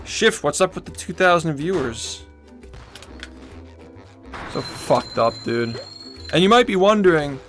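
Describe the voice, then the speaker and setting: Brief: male streamer, higher voice, heated profane rant, faint music underneath. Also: big pitch swings, a little slow, pauses often, a bit bright. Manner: angry, profane ranting. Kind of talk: livestream rant.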